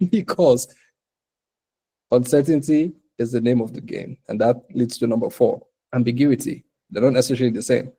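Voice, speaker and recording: A man from Africa giving a motivational talk to aspiring entrepreneurs at a bootcamp, animated, laughing often and acting out quotes in other voices. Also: mid-range voice, normal speed, slightly rough. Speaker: bootcamp speaker.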